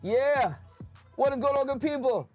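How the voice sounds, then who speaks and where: A man's voice: very high-pitched, expressive, unhurried, soft background music. A man hosting a motivational leadership podcast, hyped and preacher-like, repeating phrases for emphasis on a close studio mic. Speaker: podcast host. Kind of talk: energetic motivational podcast talk.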